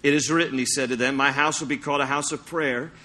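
A middle-aged man preaching a sermon in a church, lively and storytelling, acting out little scenes as he goes. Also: mid-range voice, fast talker. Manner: animated, acts out anecdotes with playful sung impressions. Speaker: pastor. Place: church sanctuary.

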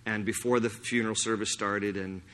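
A man preaching a sermon, telling anecdotes in an animated way with laughter and frequent restarts. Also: on the low side, moderate pace. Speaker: pastor.

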